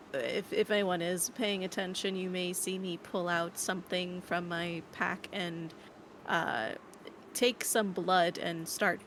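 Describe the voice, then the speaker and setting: Woman, tabletop player; lower voice, hesitant delivery, light background noise. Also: a bit bright. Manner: hesitant, lots of fillers. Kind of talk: tabletop role-play banter.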